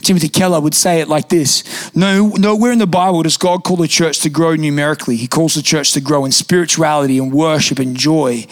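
A young man preaching a sermon in a church, telling stories in a lively, conversational way with casual fillers. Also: fairly high pitch, a little fast, few pauses. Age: young adult. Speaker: pastor. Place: church auditorium.

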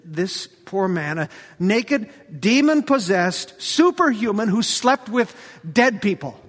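Male preacher, high bright voice, animated storyteller, long church-hall reverb. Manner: animated storytelling, acts out quotes, jokes. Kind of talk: sermon.

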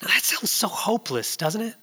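A man in his thirties preaching a sermon, telling a story that builds from hushed to loud and urgent. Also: high voice, big pitch swings, a little fast, breathy edge, in a large hall.

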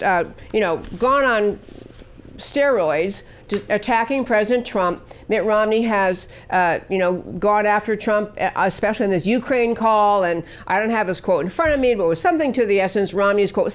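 A woman hosting a talk show, delivering opinionated political commentary in an emphatic, scornful way with many fillers. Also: mid-range voice.

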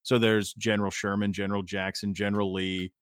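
A man's voice: fairly low pitch, level tone, brisk, no room sound, clean studio sound. A man co-hosting a podcast, rambling through stories in casual chat and swearing lightly. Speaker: podcast co-host.

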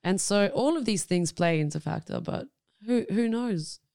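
A woman's voice: mid-range voice, expressive, moderate pace, mellow, clear, resonant tone, no echo, studio quality. A young adult woman from Lebanon, a guest actor chatting casually and animatedly in an interview, swearing often and acting out quotes.

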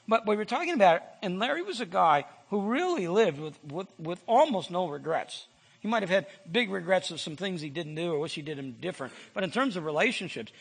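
A man's voice: sits high, fairly bright tone, husky. A male pastor preaching a sermon to his congregation in a conversational way, with restarts and joking asides. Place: church sanctuary.

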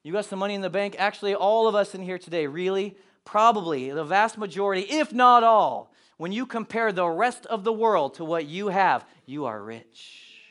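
Animated high-voiced preacher man. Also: normal speed, hardly any pauses. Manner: animated, storytelling with acted-out asides. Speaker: pastor. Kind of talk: sermon.

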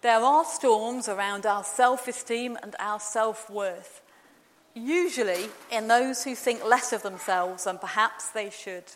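A woman preaches in a measured, gentle, reflective way. Her voice sits a little high for a woman and carries a long hall reverb. The sound is a church sermon in a large resonant space.

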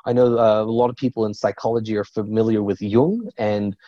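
A man who works as a business coach, talking as a podcast guest in a quick, energetic way and telling stories with a lot of animation. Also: lowish voice, no room sound, muffled recording. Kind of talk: podcast interview.

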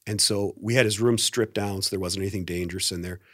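A man's voice: on the low side, quick pace, no room sound, clean studio sound. A middle-aged man, a pastor and guest, telling a personal story in a podcast interview and acting out the quotes. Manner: animated storyteller, acts out quotes.

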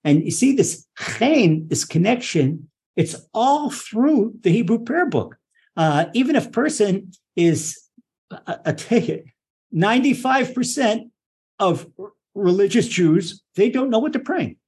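A man with a somewhat high, husky voice teaches a religious lesson. He speaks with passion and energy, and he often repeats words and starts his sentences over. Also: measured pace. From Israel. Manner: impassioned, animated, repeats words and restarts. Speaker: rabbi teaching Torah.

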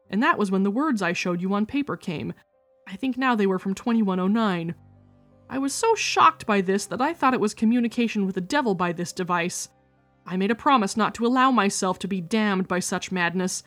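Woman reading a spooky story podcast, calm and even, soft music under. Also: medium pitch. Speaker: podcast narrator. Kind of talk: scripted storytelling narration.

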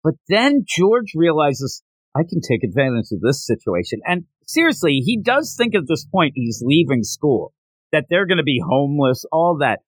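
Animated man acting out manga scenes. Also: fairly high pitch, no room sound. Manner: animated, acts out character lines in quick voices. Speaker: podcast host. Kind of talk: casual chat recapping a manga chapter.

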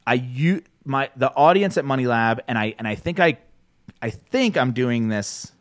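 A man's voice: mid-range voice, normal speed, dry recording. A man from New Jersey hosting a podcast, talking casually with lots of swearing and restarts. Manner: rambling, profane, animated, with many restarts. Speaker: podcast host. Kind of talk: casual chat.

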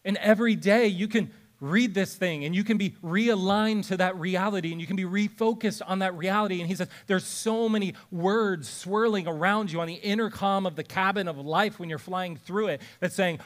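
Man preaching a lively sermon. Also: high-pitched, moderate pace, hardly any pauses. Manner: shifts between lively explanation and soft, hushed reading. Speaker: pastor.

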